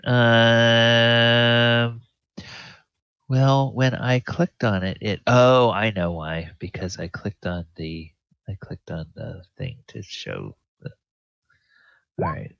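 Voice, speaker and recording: A man's voice: medium pitch, fairly even intonation, slow pace, vocal fry, pauses often, a bit bright, clear, resonant tone, no room sound. A man running a tabletop game as dungeon master, hesitant with many fillers, on a muffled recording.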